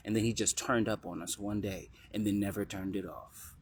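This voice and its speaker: A man giving a rambling spiritual teaching monologue that drifts into slow, chanted lists. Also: fairly low pitch, fairly even intonation, slightly rough.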